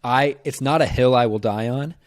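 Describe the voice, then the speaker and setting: A man's voice: mid-range voice, moderate pace, dry recording, clean studio sound. A man hosting a casual sports podcast, easygoing and agreeable, laughing along with his guest. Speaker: podcast host.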